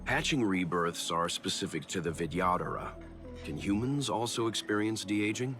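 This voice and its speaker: A very deep, unhurried male voice in a video game, plays a composed investigator who weighs every word. His delivery stays formal and steady. Game music plays clearly behind him. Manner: slow, deliberate, formal. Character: calm, measured older male investigator.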